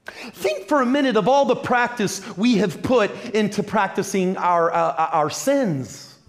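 A pastor preaching a lively, humorous sermon that builds on repeated phrases. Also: male voice, high-pitched, unhurried.

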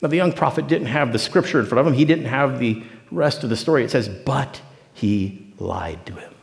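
Gravelly preacher in a reverberant hall. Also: male voice, medium pitch, fast talker. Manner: storytelling preacher who acts out the figures in dialogue. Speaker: pastor. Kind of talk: sermon.

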